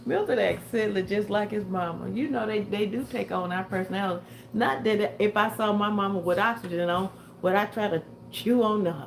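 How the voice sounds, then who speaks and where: A woman's voice: medium pitch, creaky, a little mellow, slight background noise. An older woman chatting casually with viewers on a livestream, a little tired and short of breath. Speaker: livestream host.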